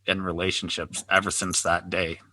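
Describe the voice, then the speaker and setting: A man's voice: deep voice, flat delivery, moderate pace, bright, forceful tone, no echo. A Canadian man hosting a podcast, chatting casually and teasing his guest over a remote call. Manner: laid-back, teasing, laughs often. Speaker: podcast host. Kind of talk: casual chat.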